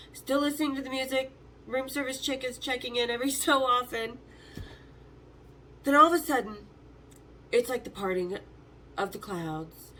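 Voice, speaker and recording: A woman in her fifties, the host, telling stories in a casual, animated way, swearing freely and acting out the voices of the people in them. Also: high voice, a little hiss or hum. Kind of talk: casual storytelling.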